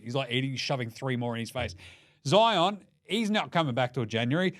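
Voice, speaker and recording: An Australian man giving a comedic basketball ranking rant, mocking and full of quick jokey asides. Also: medium pitch, a bit bright. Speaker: basketball commentator.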